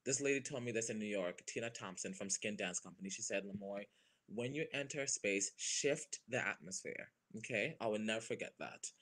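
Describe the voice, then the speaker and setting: Young Caribbean-born man, bright voice, expressive guest chat with sudden high-pitched bursts. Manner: expressive, playful, jumps into high exclamations. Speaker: guest performer. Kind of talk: animated casual talk.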